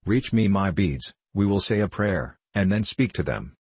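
A man reading the part of a pious, dutiful young princess in a measured, solemn way, with a husky voice. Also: low-pitched, lively intonation, dry recording. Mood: grave.

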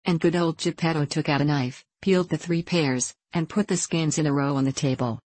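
A woman narrating a children's storybook in a steady, measured reading voice. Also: sits low, no room sound. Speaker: audiobook narrator.

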